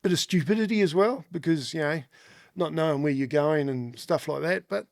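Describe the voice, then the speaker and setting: This is a middle-aged Australian man telling his stories casually in an interview. He has a gravelly voice that sits slightly high, and he laughs often as he acts out the voices of other people. The sound is dry and close. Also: fairly quick, a little mellow, dry recording. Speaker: guest.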